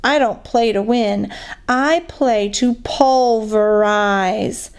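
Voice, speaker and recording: Cheeky young boy, a joker, high and bouncy, growls for tough talk as a woman reads him. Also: big pitch swings, a little slow, a little mellow, heavily acted. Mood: gruff.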